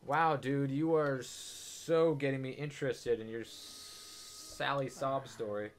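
A man's voice: mid-range voice, fairly even intonation, slow pace, a little hiss or hum. Sarcastic, swearing young gamer guy. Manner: sarcastic, profane, joking. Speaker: gamer commentating a playthrough. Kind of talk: casual let's-play commentary.

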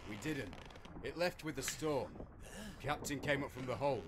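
An actor playing a steady sailor in a game who calms a wounded shipmate. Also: male voice, mid-range voice, normal speed, lightly acted. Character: calm male sailor tending an injured shipmate. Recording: distant game audio under loud noise.

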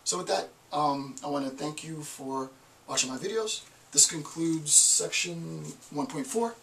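A man's voice: a little high, steady tone, a little slow, a bit bright, recorded from a distance, a little hiss or hum, low-quality recording. A man from the United States giving a recorded lecture, asking himself rhetorical questions and answering them emphatically.

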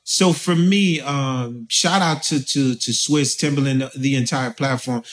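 A man from Haiti talking as an interview guest, telling stories in a loose, animated way with lots of fillers. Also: medium pitch, unhurried. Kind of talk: casual conversation.

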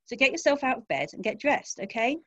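A woman's voice: a little high, big pitch swings, a little fast, no echo, dull audio, pitched above the performer's own voice. A woman voicing a curt, impatient young man who cares about appearances, reading a crime story aloud. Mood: low, firm. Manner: curt, snappy. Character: impatient young adult male partner, image-conscious.

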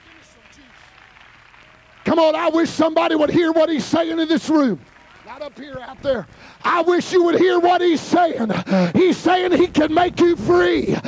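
A man preaching a fervent Pentecostal sermon at a youth camp service and shouting in bursts. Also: very high voice, unhurried.

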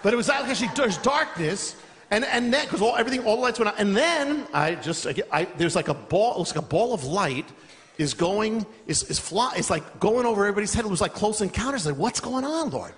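A man's voice: high voice, brisk. A man preaching a sermon, telling a story with energy and laughing as he goes. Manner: animated, laughing through a funny story. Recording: long reverb of a large hall.

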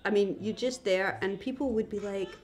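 A woman's voice: medium pitch, moderate pace. Young Scottish woman, podcast guest, chatty, laughs easily, acts out anecdotes. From Scotland. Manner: chatty storyteller, laughs often, acts out voices. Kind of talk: casual chat.

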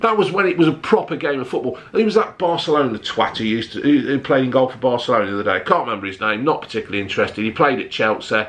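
A middle-aged man, ranting bluntly to camera in a vlog, swearing heavily and flaring up loudly. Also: medium pitch, lively intonation, quick pace, few pauses. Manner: blunt, heavy swearing, rising to shouty outbursts. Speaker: vlogger.

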